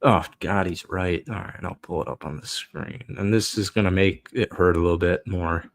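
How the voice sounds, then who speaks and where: A man's voice: low voice, steady tone, moderate pace, creaky. A young man hosting a football podcast, ranting casually with frustration, swearing and laughing.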